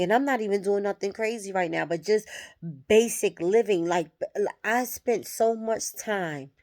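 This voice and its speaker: A woman vlogging a candid personal spiritual reflection, soft-spoken and reflective, with pauses between phrases. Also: medium pitch.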